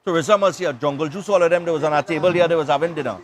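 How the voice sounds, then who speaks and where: At a beach club, a Trinidadian man with a fairly high voice hosts a live morning show. Talking at a racing pace in thick island dialect, he rambles loosely through a casual story between segments.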